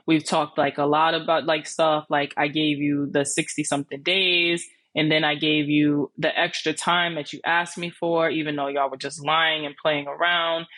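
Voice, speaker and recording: A woman's voice: low-pitched, fairly bright tone, dry recording. A woman hosting a podcast, telling a personal story in a candid, blunt, casual way, swearing freely and acting out what people said. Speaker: podcast host.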